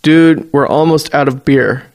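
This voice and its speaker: A man's voice: fairly high pitch, measured pace, a little mellow. A man doing a crude, swearing slacker dude. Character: scrawny slacker young man, crude and lazy.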